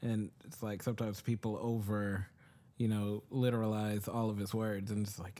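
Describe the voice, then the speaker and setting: A man in casual conversation, relaxed and quick to laugh, often chiming in with short agreements. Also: lowish voice. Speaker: podcast co-host. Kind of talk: casual chat.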